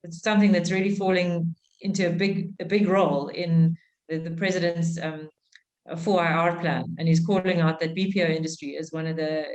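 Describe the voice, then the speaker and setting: Woman host from South Africa, fairly low voice, puts audience questions to a guest on a video call. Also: fairly even intonation, a little fast, darkish tone, low-quality recording. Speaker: webinar moderator. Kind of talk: webinar moderation.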